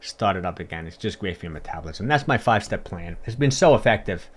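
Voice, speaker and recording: A man's voice: low-pitched, lively intonation, fast. Chatty upbeat male fitness coach. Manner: chatty and upbeat, many fillers and repeats. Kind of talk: casual livestream talk, answering viewer comments.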